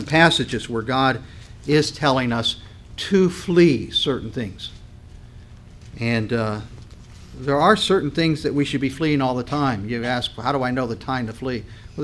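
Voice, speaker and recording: A man preaching a sermon, swelling his voice on key points, then dropping it low, and clearing his throat now and then. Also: moderate pace, fairly bright tone, a little hiss or hum. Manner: dynamic preaching, voice swells and drops with emphasis. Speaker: pastor.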